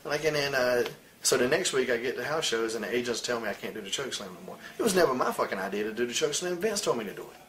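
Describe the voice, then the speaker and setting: A man's voice: medium pitch, animated, fast talker, fairly bright tone, slight background noise. Blunt, profane man telling heated stories. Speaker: retired pro wrestler as interview guest. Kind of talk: candid shoot interview.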